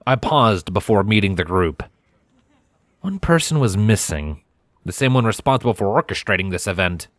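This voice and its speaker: Low-voiced man reading a story. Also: animated, no echo, studio quality. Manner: measured, storytelling. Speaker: fanfiction audiobook reader. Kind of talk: first-person audiobook narration.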